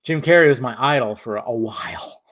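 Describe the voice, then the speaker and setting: A man's voice: mid-range voice, moderate pace, fairly bright tone. A young man in a casual live stream who answers chat in a loose, profane way and laughs often, at home in front of a green screen.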